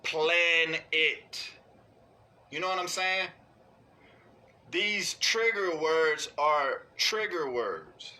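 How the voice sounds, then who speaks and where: A man's voice: lively intonation, drawn-out words, long pauses, pushed and bright. A man delivering an unscripted rant in a blunt, profane way, constantly asking "you know what I'm saying". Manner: mocks others in high put-on voices. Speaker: online ranter.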